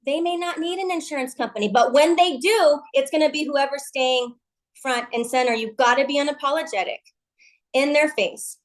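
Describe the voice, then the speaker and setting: A woman leads a motivational team call with a high, lifted voice. She gushes and pushes in a chatty, relentless way. Her delivery is a steady sales pep talk. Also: low-quality recording. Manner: gushing, pushy and chatty. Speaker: MLM team leader on a team call.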